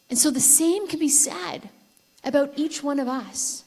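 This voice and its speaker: High-pitched woman presenter, engaging storyteller who quizzes the crowd at a conference. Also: measured pace, darkish tone. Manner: engaging, asks the audience questions. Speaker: conference speaker. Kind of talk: persuasive talk with storytelling. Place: conference hall with live audience.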